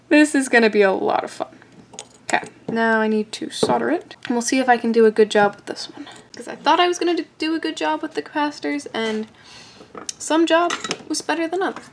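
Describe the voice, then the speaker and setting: A woman narrating a casual hands-on kit build, playful and self-joking, often laughing and dropping into a soft whisper as she works. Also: a little high. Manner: often drops to a soft whisper while working. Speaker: amateur radio hobbyist building a kit.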